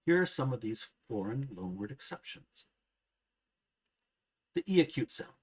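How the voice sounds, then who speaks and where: Male narrator for a grammar lesson: husky, mid-pitched, careful and precise. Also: very animated, low-quality recording. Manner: measured, precise, enunciates example words slowly. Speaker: language teacher.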